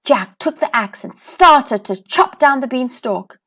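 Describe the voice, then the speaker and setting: Lively, sing-song woman reading a kids' book. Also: high-pitched, measured pace. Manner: expressive, sing-song storytelling. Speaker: storyteller. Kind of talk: reading a children's book aloud.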